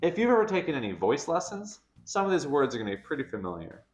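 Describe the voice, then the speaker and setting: Man teaching acting with lively pitch. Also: soft background music. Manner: clear, deliberate explanatory delivery. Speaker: theater camp host and acting teacher. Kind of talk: scripted instructional narration.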